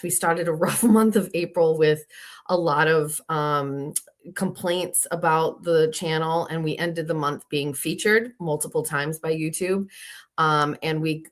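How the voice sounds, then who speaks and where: Casting note: woman, low voice, unscripted rambling livestream host, chatty and unpolished. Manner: rambling, loose, with many fillers and restarts. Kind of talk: casual livestream chat. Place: at home.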